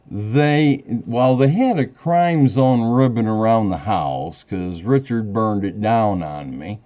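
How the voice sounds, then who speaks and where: A man's voice: mid-range voice, mellow, clear, resonant tone. A man, calling a sheriff's office and pressing a complaint, rambling and agitated, at times choked up. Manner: rambling, agitated, wavering between indignation and choked-up emotion. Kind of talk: phone call complaint. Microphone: phone call recorded on his end. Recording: dull lo-fi phone call.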